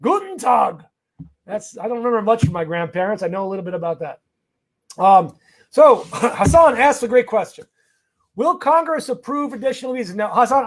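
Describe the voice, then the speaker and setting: An immigration lawyer runs a live Q&A stream, his voice unusually high for a man. Energetic and talkative, he welcomes viewers by name and hammers home legal points as though rallying a crowd.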